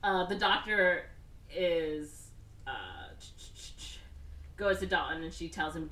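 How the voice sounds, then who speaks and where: A woman's voice: lowish voice, unhurried, a bit bright, distant mic. Woman recapping a movie in an echoey room. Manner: rambling movie recap with voiced quotes. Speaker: podcast co-host. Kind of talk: casual chat.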